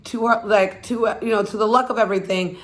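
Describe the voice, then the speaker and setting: A woman's voice: mid-range voice, steady tone, fairly quick. A woman hosting her own channel, casually recapping a film's plot in a rambling way, full of "like" and "you know," and swearing bluntly. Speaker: YouTube channel host.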